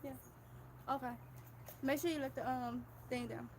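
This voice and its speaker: A woman's voice: sits high, fairly even intonation, moderate pace, a little hiss or hum. A woman in her thirties with a Mississippi Southern accent, chatting casually on a gardening livestream and reading viewer comments aloud, effusive and calling her viewers y'all. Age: 30s.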